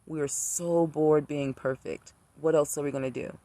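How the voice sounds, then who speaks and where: A man's voice: a little high, fairly even intonation, dark tone. A man talking in a blunt, profane casual rant about spirits, repeating himself for emphasis. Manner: blunt, profane, rapid-fire repetition. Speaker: spiritual practitioner ranting to camera.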